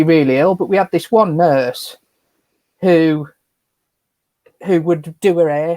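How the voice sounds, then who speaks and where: A fairly high-voiced man, co-hosting a chatty podcast. He speaks earnestly and stumbles over restarts. The sound is dry and close. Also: mellow, no echo. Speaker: podcast co-host. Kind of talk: casual chat.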